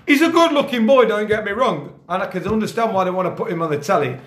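High-pitched bloke ranting and swearing in an echoey kitchen, football podcast host. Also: male voice, lively intonation, fast talker. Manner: angry, sweary, rants loudly. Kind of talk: sweary casual rant.

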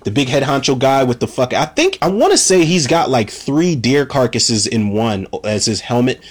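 Going through a movie scene by scene, this reviewer sounds very animated, his medium-pitched voice moving at a normal speed. His casual recap rambles, with plenty of swearing and frequent "man" and "you know."

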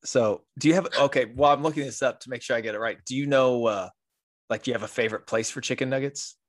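A man's voice: mid-range voice, fast. A man in his thirties hosting a podcast, chatting casually and laughing at his own jokes. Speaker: podcast host.

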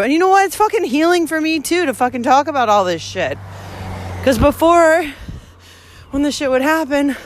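Fired-up swearing woman ranting on a hike. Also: high voice. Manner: heated, heavy swearing, laughs often. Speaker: vlogger. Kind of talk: casual walking vlog. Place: outdoors on a hiking trail. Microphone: handheld phone.

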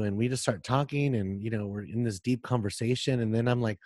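A man hosting a podcast, telling stories in casual pop culture chat, animated and profane with joking asides. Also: mid-range voice, brisk, hardly any pauses, no echo, clean studio sound. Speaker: podcast host.

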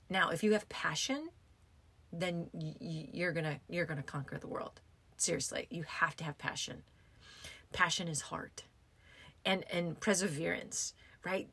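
A woman's voice: fairly low pitch, fairly bright tone, husky, dry recording. A woman in her fifties, a yoga teacher hosting a podcast, talking in a casual, emphatic motivational way and repeating her key phrases. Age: 50s.

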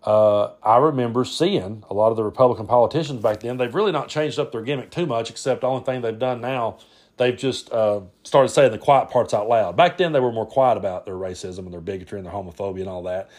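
A man's voice: mid-range voice, brisk, a little mellow. Plainspoken Southern man telling a story. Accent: Southern US, Tennessee. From Tennessee. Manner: folksy, plainspoken, with frequent restarts and swearing. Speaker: podcast host. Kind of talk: personal storytelling monologue.

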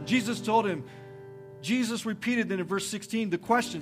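A man, a pastor, preaching a conversational, energetic sermon in a church, repeating his phrases for effect. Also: a little high, fairly quick. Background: soft guitar music.

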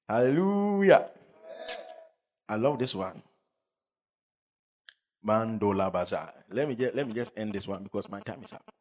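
A man's voice: on the low side, fast talker, a little mellow, husky. A man preaching a fervent sermon, calling out to the congregation for responses. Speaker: pastor.

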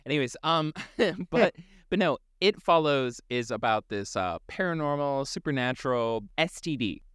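A man's voice: medium pitch, expressive, normal speed, a bit bright, clean tone, no echo, studio quality. Profane, jokey man. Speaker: podcast co-host. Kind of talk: casual chat.

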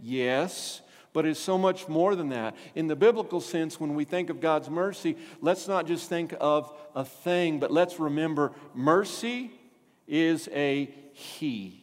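A man's voice: a little high, unhurried. Preaching man in a reverberant hall. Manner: animated, asks the congregation questions. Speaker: pastor. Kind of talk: sermon.

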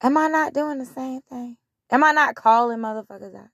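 A woman's voice: high voice, fairly quick, no room sound, clean studio sound. A woman hosting a casual spiritual monologue, blunt and profane, retelling scripture. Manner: animated, blunt, profane, retelling scripture in her own words. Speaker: podcast host.

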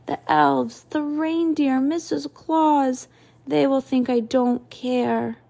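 A woman's voice: high voice, steady tone, takes it slowly, gravelly, warm tone, full character voice. A woman reading aloud and voicing a worried, sighing old Santa Claus. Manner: sighing, fretful.

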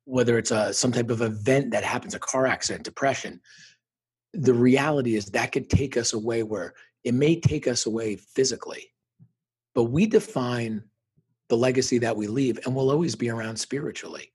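A middle-aged man with a very husky, breathy voice and a steady pitch. He talks earnestly and reflectively as an interview guest, and he livens up when he quotes the people in his stories. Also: moderate pace. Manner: earnest, reflective, animated when quoting others. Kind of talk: conversational interview storytelling.

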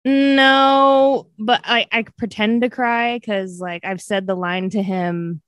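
A woman hosting a podcast in casual chat, giggly and quick to joke. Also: a little high, steady tone, fairly bright tone, clean tone, dry recording. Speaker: podcast host.

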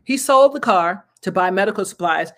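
A podcast host and nonprofit founder in their thirties runs a casual good-news talk, speaking at medium pitch and normal speed with an expressive, fairly bright tone. The talk rambles and chats, full of laughs and fillers, with earnest, preachy asides.

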